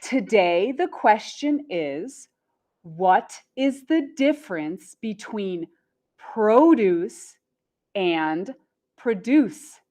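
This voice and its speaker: Very slow, deliberate woman teacher. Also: mid-range voice, animated, a little mellow. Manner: repeats words slowly with exaggerated stress. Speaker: English teacher. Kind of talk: slow, carefully enunciated English lesson.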